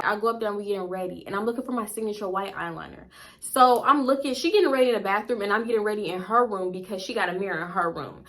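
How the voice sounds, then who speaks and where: Brief: young woman vlogger, bright and forceful tone, blunt, profane storytime delivery. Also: medium pitch. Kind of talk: casual storytime.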